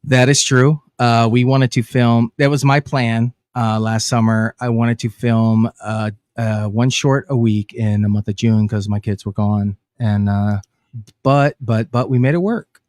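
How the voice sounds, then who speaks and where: A man in his thirties co-hosts a casual stream, with a mid-range voice that jumps up when he gets excited. He teases his co-host and trips over his words as he rushes ahead. The sound is dry and close. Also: mid-range voice, no echo. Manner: animated, stammers and restarts, teasing. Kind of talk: casual chat.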